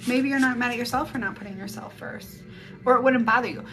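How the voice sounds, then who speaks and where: Quick and sharp, a woman's voice on the high side carries a loose psychic reading on a live stream over a phone mic. She rambles, speaks bluntly and swears freely, with music behind her.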